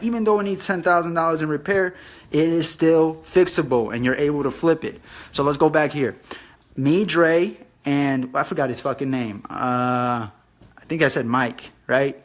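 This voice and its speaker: A man's voice: a little high, a bit bright. A young man casually explaining a real estate deal, loose and profane as he sketches it out. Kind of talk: casual whiteboard tutorial.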